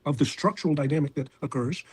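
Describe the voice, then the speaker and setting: A male professor speaking in an interview clip, laying out his analysis in a steady, explanatory way. His voice is mellow and slightly husky, and he talks quickly. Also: a little high. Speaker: professor and foreign-policy expert. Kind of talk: interview answer.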